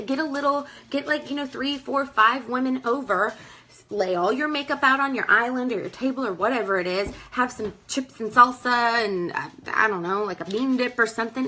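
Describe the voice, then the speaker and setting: Young woman, bright voice, chatty, emphatic, casual sales coaching. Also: a little high, slight background noise, low-quality recording. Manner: chatty, emphatic, calls listeners "girl"; acts out customers in quoted voices. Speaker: direct sales team leader. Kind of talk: casual training talk.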